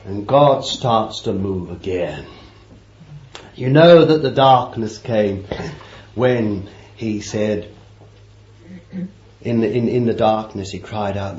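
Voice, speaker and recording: A man preaching a sermon, swinging from loud declarations to hushed asides and repeating phrases for emphasis. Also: on the low side, slow pace, long pauses, slight background noise. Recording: roomy, dull old sermon tape.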